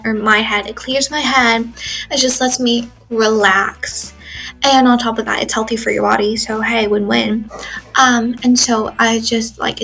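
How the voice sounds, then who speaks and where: In her bedroom, a teenage exchange student of sixteen rambles through a casual video journal, full of "like" and "um" fillers. The audio is poor, and her voice is a little high, gravelly, and fairly bright.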